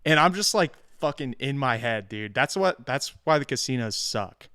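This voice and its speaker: A man's voice: medium pitch, lively intonation, normal speed, bright, forceful tone, clean tone, no room sound, studio quality. A young man co-hosting a podcast, telling a profane story in casual chat. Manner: profane, self-mocking storytelling. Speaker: podcast co-host.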